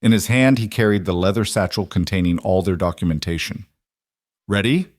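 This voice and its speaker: A man giving scripted, measured narration of a western story. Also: low-pitched, no echo, clean studio sound.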